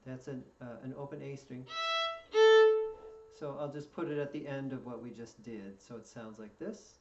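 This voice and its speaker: A man's voice: mid-range voice, fairly even intonation, loud music behind the voice. Male fiddle instructor, patient, counts in; distant, roomy, dull recording. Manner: patient, counts in slowly before each play-through. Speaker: fiddle teacher. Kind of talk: step-by-step music lesson. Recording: echoey room, distant mic, dull sound. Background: fiddle playing.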